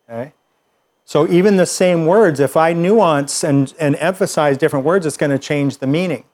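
A man's voice: a little high, normal speed, darkish tone. A man teaching a class, explaining ideas with examples and often restarting his sentences. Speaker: instructor.

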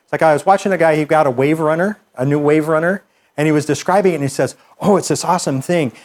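A man's voice: fairly high pitch, fast talker. A man teaching a class, explaining ideas with examples and often restarting his sentences. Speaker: instructor.

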